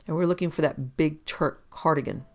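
A reader voicing a vicious, snarling male police detective with rough slang, loud and raised in pitch. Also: steady tone, normal speed, lightly acted. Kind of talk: audiobook reading.

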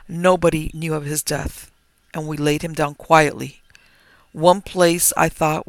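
A man reads a frightened old innkeeper whose trembling voice pleads loudly and emotionally, with a gravelly edge and a bright, forceful tone. He is a storybook figure, and the recording sounds dry and close. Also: fairly high pitch, dry recording.

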